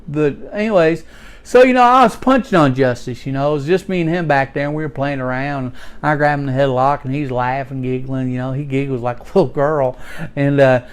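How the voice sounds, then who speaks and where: A man's voice: mid-range voice, brisk, clean tone, close to an everyday voice. A man, playing a folksy redneck working man in a rambling comedic monologue, stammering as he tells his story.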